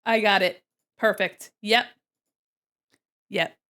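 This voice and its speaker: A woman's voice: medium pitch, fairly even intonation, slow pace, pushed and bright. A woman art streamer chatting casually and playfully with her viewers while she works on a drawing. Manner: chatty and playful, talks to chat while working.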